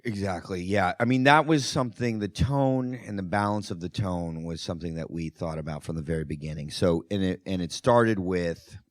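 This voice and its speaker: A man, a film director, telling anecdotes in an animated, laughing way as a guest at a Q&A. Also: deep voice, moderate pace, few pauses, no echo, studio quality. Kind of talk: anecdotal storytelling at a Q&A.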